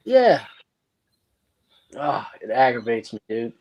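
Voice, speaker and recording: A man's voice: mid-range voice, sing-song, slow pace, a little mellow. A man in a casual chat, talking in an aggrieved, laid-back way and saying "dude" a lot. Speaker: podcast guest.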